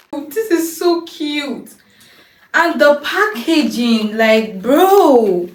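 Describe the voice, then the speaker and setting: A young woman chats to her viewers in an excited, gushing, slangy way. Her voice sits a little high and she takes her time. She sounds set back from the mic in an echoey room. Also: distant mic. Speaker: vlogger. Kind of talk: casual vlog chat.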